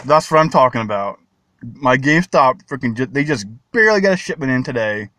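A man vlogging excitedly about toy finds at a mall, talking slowly but leaping into high squeals and baby talk. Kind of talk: excited casual vlog. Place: shopping mall.

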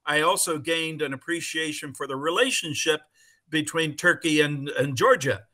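Middle-aged man, bright and slightly high, halting with lots of fillers, eager conference panelist on a video call. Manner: halting, many fillers, enthusiastic. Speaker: conference panelist and English teacher. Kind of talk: conversational answer on a video call.

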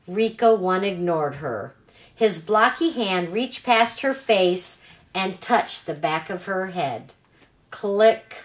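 A woman reads a children's novel aloud at an unhurried pace, laying each sentence down with care. Her voice sits in a middle pitch, neither high nor low. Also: animated. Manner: slow, deliberate storytelling. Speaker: storyteller.

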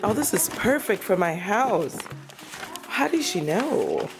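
A woman chats casually while she opens housewarming gifts, gushing and exclaiming at each one. Her voice swoops and leaps with excitement. Music plays clearly behind her. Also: mid-range voice, slow. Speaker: vlogger opening housewarming gifts. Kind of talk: casual gift-opening chat.

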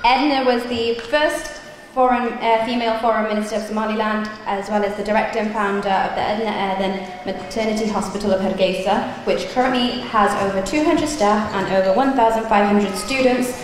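A woman's voice: medium pitch, steady tone, fairly quick, slight background noise. A woman hosting an event, politely and formally introducing the next speaker. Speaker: event host. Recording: very echoey hall.

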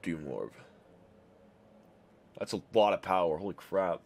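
A young man commentating his own gameplay, muttering one moment and yelling and cursing in frustration the next. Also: sits low, expressive, measured pace. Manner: swings between mutters and yelled, cursing outbursts. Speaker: gaming YouTuber.

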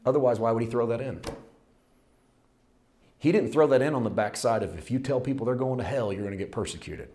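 A man preaching a sermon in a conversational, folksy way, building to loud, fervent passages. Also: medium pitch, brisk, pauses often. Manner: folksy, plain-spoken phrasing. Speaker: pastor.

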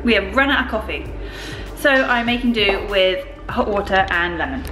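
Relaxed young woman, music under. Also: medium pitch, moderate pace. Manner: relaxed, chatty, teasing. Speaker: vlogger. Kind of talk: casual vlog chat.

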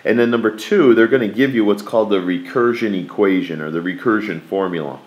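A man with a fairly low voice teaching a math class. He talks in a folksy, easygoing way, stopping to stress and repeat the words that matter most. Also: fairly quick, a little mellow, a little hiss or hum. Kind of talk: classroom lecture.

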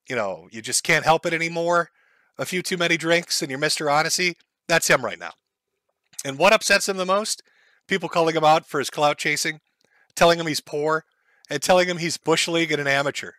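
Bright-voiced mocking male streamer. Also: a little high, no echo. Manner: sarcastic, crude, laughing. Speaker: streamer host.

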